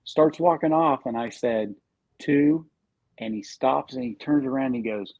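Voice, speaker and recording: A man's voice: medium pitch, expressive, moderate pace, vocal fry, darkish tone, dry recording, dull audio. A man on a podcast casually telling a sales story and acting out the quoted lines.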